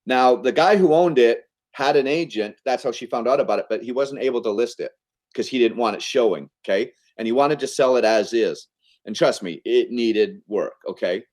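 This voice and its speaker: A man in an interview, casually telling a business story in an animated, conversational way, often checking in with "okay?" and "right?". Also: mid-range voice, normal speed. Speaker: podcast guest, entrepreneur.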